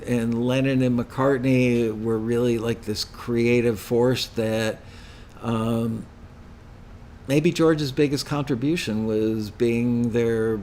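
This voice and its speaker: A man's voice: mid-range voice, darkish tone, slight background noise. Older man rambling through stories. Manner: rambling, anecdotal storytelling. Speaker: host. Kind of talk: live Q&A chat.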